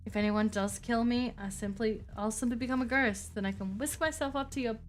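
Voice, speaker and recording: A woman voicing a lonely ancient female vampire who speaks in a haughty, archaic, calmly menacing way. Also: fairly high pitch, a little fast, a little hiss or hum, natural voice.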